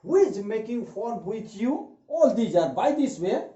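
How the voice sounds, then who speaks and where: A man teaching an English grammar lesson, repeating each example sentence slowly. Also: high voice, very animated, warm tone. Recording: echoey room, dull lo-fi sound.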